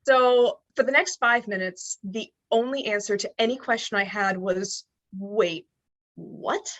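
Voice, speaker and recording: Animated young woman telling a story. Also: a little high, moderate pace, dull audio. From US Northeast. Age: young adult. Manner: animated, acts out quoted dialogue. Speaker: podcast guest. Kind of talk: storytelling in an interview.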